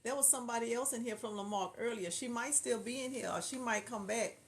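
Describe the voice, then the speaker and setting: A woman's voice: fairly high pitch, a little fast, a little hiss or hum. Chatty Southern woman livestream host. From Houston, Texas. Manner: chatty, thinks aloud, reads viewer comments. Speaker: livestream host reading chat. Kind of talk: casual chat.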